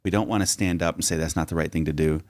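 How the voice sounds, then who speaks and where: Man, podcast co-host, very low voice, dry close recording, teacherly. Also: fairly even intonation, fast, a little mellow, dry recording. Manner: teacherly, applying the story as a lesson. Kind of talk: casual Bible discussion.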